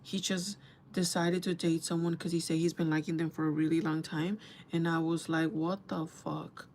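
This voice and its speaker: A woman's voice: deep voice, monotone, moderate pace, a little mellow, slight background noise. A young woman in her twenties, chatting candidly and casually as she does her makeup, swearing freely. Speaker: beauty vlogger. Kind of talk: casual storytime chat while doing makeup.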